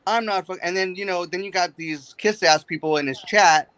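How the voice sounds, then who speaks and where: Man, young adult, higher voice, heated profane storytelling, dry close sound. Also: fairly even intonation, normal speed, fairly bright tone, smooth, no room sound. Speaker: guest on a livestream. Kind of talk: casual chat.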